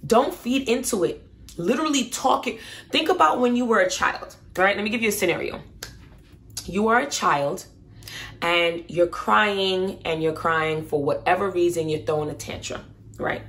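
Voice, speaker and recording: A woman's voice: medium pitch, normal speed, fairly bright tone. A woman vlogger giving an emphatic, repetitive motivational talk to her viewers, casual and swearing now and then.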